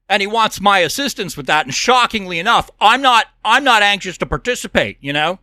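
High, lively-pitched man in a profane rant. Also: brisk, hardly any pauses, dry recording, clean studio sound. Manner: profane, heated, clears throat often. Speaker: podcast host. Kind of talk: angry monologue rant.

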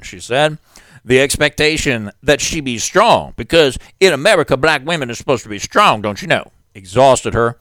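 A man with a fairly high, very lively voice reads news aloud as a commentary host, breaking off into sarcastic asides. His voice is smooth and clear, and the sound is close and dry. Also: fairly quick, no echo.

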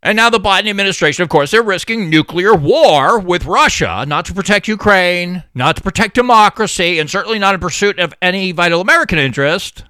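Brief: male political podcast host, sarcastic rant, bright and crisp, dry close mic. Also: high-pitched, fairly quick, hardly any pauses, no room sound. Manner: sarcastic, animated ranting. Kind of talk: political commentary monologue.

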